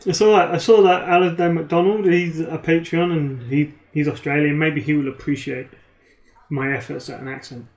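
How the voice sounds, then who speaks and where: A man's voice: fairly high pitch, steady tone, normal speed, a little mellow. A man doing casual commentary on a card game, with teasing, dry banter. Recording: roomy echo.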